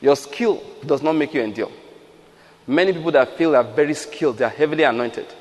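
A man's voice: on the high side, brisk, long reverb tail. A man preaching a sermon, emphatic, asking the listeners rhetorical questions and acting out quotes.

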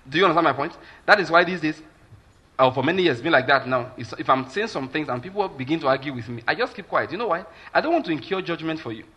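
A Nigerian-accented male pastor delivers a sermon in a husky, forceful voice set a little higher than most men's. He is emphatic, drops in Pidgin asides, and keeps asking whether his listeners follow.

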